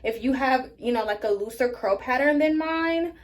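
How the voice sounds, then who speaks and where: Woman vlogger, relaxed and chatty, talking to her viewers, a bit higher pitched. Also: moderate pace. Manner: chatty, addresses viewers as you guys. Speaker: hair care vlogger. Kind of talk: casual tutorial talk to camera.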